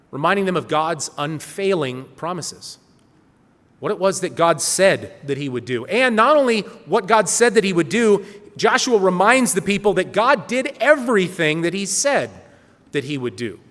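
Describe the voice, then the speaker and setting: A man's voice: fairly high pitch, fairly bright tone, big-room sound. A man giving a sermon, reading scripture aloud with earnest, rising emphasis. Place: church hall.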